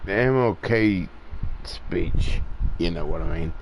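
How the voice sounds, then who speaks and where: A man's voice: low-pitched, slow pace, vocal fry, a little hiss or hum. A man in his forties ranting casually in a rambling, profane, exasperated way. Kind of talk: casual rant.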